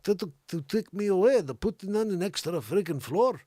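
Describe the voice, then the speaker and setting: A man hosting an improvised comedy news show, riffing sarcastically with sudden loud outbursts and low mutters in his studio. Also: expressive, brisk, few pauses, no room sound. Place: home studio.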